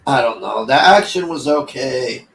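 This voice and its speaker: A man's voice: mid-range voice, lively intonation, a little slow, vocal fry, distant mic, noisy background. A man rambling through a casual movie review, exasperated and sarcastic, mocking the characters as he talks. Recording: echoey room, voice off-mic.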